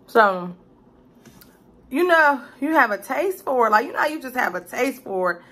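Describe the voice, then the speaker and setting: This woman's high, very animated voice moves at a moderate pace. She's a cooking vlogger eating through a casual mukbang, chatting loudly with salty, profane language and calling her viewer "baby."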